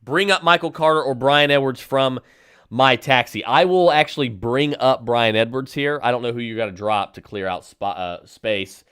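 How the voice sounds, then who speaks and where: Speaking at a moderate pace, a male podcast host with a mid-range, fairly bright, clear and resonant voice takes listener questions on fantasy football. He makes emphatic, decisive calls broken up by fillers and restarts. The recording is studio quality with no room sound.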